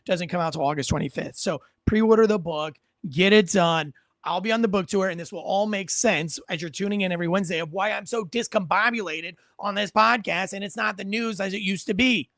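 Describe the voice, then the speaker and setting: A man's voice: high-pitched, fairly quick, vocal fry, a bit bright, no room sound. A man hosting a podcast in a casual, rambling storytelling way, often restarting his sentences. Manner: rambling, self-correcting storyteller. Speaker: podcast host.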